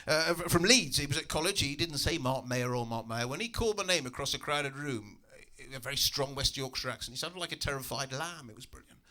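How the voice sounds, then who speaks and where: A man performing a stand-up comedy set in a comedy club, telling stories in a lively, exasperated way with asides to the crowd. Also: on the high side.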